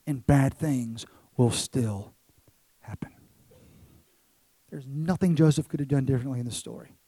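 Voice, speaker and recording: A man's voice: mid-range voice, a little slow, dark tone, slightly rough, dry recording. A man preaching a sermon as pastor, emphatic, with repeated phrases and rhetorical questions to the congregation.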